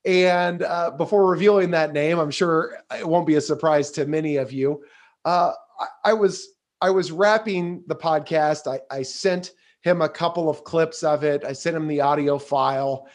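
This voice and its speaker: A man's voice: a little high, normal speed. A man hosting a podcast interview, effusive and full of praise, with frequent filler sounds. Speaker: podcast host.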